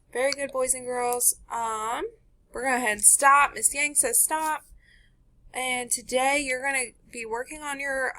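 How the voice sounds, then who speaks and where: Woman teacher, read-aloud to young kids, slow and gentle, bit high voice. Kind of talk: reading a picture book aloud to children.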